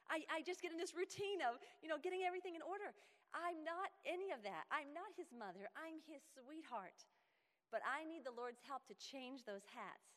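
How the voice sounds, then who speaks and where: A woman giving a sermon-style talk to other women, animated and often laughing, acting out quoted lines. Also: sits high, in a large hall. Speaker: speaker at a women's gathering.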